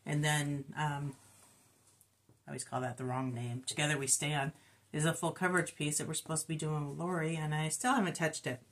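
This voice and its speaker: Low-voiced chatty woman stitcher. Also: little pitch movement, fairly quick. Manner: chatty, reports stitch counts, self-deprecating. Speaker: co-host of a cross-stitch channel. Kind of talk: casual chat.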